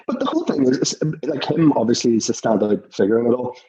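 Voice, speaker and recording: Husky Northern Irish man chuckling through stories. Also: mid-range voice, sing-song, fast talker, warm tone, poor audio. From Northern Ireland. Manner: chuckling anecdotal storyteller. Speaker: podcast guest. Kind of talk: casual chat.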